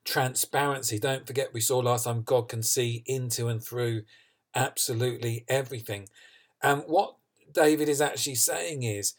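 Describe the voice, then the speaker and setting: A man's voice: medium pitch, moderate pace. A man preaching a sermon, earnest and emphatic, reading scripture and asking questions he answers himself. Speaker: pastor.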